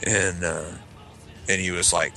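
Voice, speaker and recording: A man's voice: low voice, level tone, unhurried, vocal fry, slight background noise. Profane rambling storyteller man. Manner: rambling, profane, acts out shouted quotes. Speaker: podcast co-host telling a story. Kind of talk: casual storytelling among friends.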